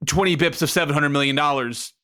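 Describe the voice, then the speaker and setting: A man's voice: on the high side, quick pace, pushed and bright, smooth. A man co-hosting a podcast, talking loosely and swearing now and then. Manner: loose and profane, laughs along. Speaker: podcast co-host. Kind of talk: casual chat.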